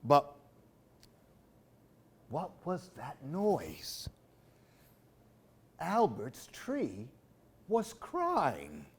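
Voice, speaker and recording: A man's voice: fairly high pitch, huge pitch swings, drawn-out words, long pauses, breathy edge. A man reading picture books aloud for children, with playful asides to young listeners. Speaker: library storytime reader.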